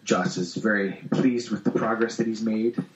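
A man hosting a casual comic book podcast, retelling a story with lively acted voices. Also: lowish voice, normal speed, distant mic, a little hiss or hum. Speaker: podcast host. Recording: dull, echoey room sound.

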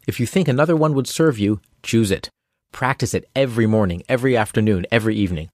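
A man's voice: on the low side, dry recording. A middle-aged man reading a self-help lesson in a scripted way, with dry, wry humor and playful asides.

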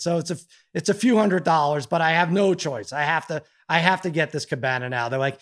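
A man's voice: on the high side, fairly quick, fairly bright tone. A middle-aged man co-hosting a casual chat, telling a rambling, self-mocking story. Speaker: podcast co-host.

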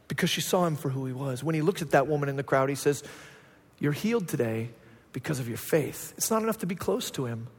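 A man preaching a sermon as pastor, building with swelling emphasis to loud peaks. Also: a little high, quick pace, slightly rough. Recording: long hall reverb.

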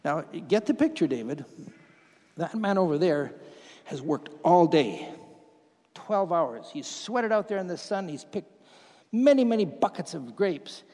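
A pastor with a high, animated voice preaches at a measured pace, folksily drawing volunteers from the congregation into a demonstration that builds into loud, emphatic preaching. It's a sermon with audience participation, recorded with reverb in a church hall full of congregants.

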